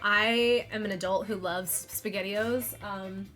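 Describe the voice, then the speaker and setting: A woman's voice: medium pitch, steady tone, slow, fairly bright tone. A woman from Missouri with a Valley Girl inflection, chatting casually and rambling while she crochets on a live stream. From Missouri, USA. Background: faint background music.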